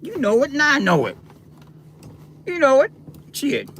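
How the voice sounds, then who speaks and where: A man's voice: extremely high pitch, huge pitch swings, a little slow, a bit bright, a little hiss or hum. A man ranting on a livestream, taunting and confronting his viewers directly in a coarse, profane way.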